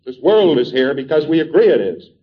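A man lectures in a somewhat high voice, working through each point deliberately. He quotes exchanges to illustrate them. The recording is dull and lo-fi, like old tape. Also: big pitch swings. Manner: deliberate, step-by-step explaining with quoted dialogue.

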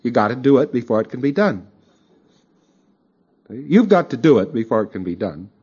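Man lecturer, animated pitch, chatty asides to the room, dull lo-fi tape. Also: normal speed, husky. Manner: conversational, with frequent asides to the audience. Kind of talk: recorded lecture.

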